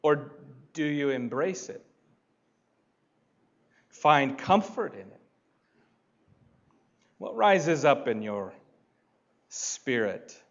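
A man preaching a sermon, deliberate and building to emphatic points. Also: medium pitch, lo-fi sound. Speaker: pastor.

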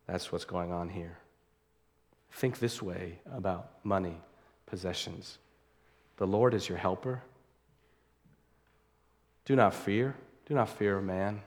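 A man preaching a sermon in an earnest way, slowing down to stress key words as he reads scripture aloud. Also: sits low. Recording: long hall reverb.

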